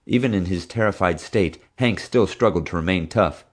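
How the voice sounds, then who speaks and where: A man narrating an audiobook in expressive storytelling fashion. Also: deep voice, normal speed, few pauses. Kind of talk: scripted narration.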